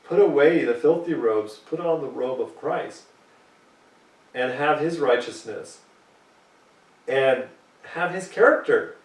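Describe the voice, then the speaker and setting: A man's voice: mid-range voice, animated, takes it slowly, pauses often, echoey room, distant mic, poor audio. A man preaching a sermon, reading scripture aloud and pressing his points emphatically.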